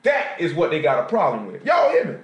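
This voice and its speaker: Man, Southern US accent, preacher, high voice, slangy rhetorical sermon, echoey room. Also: huge pitch swings, fairly quick, muffled recording. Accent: Southern US, Jacksonville Florida. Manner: slangy, rhetorical, asks the congregation questions. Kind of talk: street-talk sermon. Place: church assembly room. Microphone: live stream recording. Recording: echoey room, live stream.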